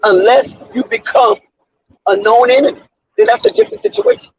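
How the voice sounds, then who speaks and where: A man's voice: extremely high pitch, big pitch swings, a little fast, breathy edge, no echo. A man hosting his own sports commentary channel, talking in an emphatic, preachy and repetitive way with street slang, on a dull lo-fi recording. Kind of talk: off-the-cuff sports commentary monologue.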